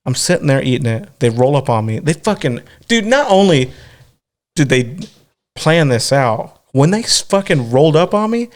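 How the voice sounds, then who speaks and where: A man co-hosting a podcast, telling a story in a crude, animated way, acting out other people's voices and laughing often. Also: a little high, normal speed. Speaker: podcast co-host. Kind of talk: casual chat, storytelling.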